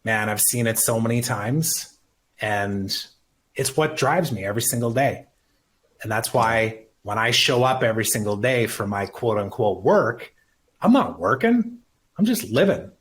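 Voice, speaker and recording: A man's voice: fairly low pitch, unhurried, fairly bright tone. A man in his thirties, a podcast guest, talking earnestly and emphatically about his life, swearing casually. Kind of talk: emotional personal conversation.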